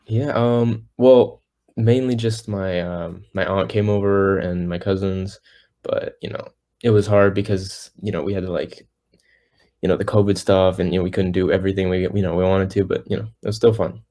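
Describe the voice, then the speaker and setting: A man's voice: sits low, fairly even intonation, normal speed, warm tone. A teenage boy, a singer guest on a podcast, telling his story in a rambling way with many fillers and restarts, acting out what others said. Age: teens. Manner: acts out quoted people. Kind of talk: casual interview.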